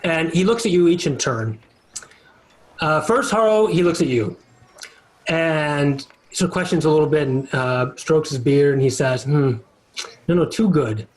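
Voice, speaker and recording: A man narrating as game master for a tabletop game, easygoing and quick to laugh. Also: on the high side, poor audio.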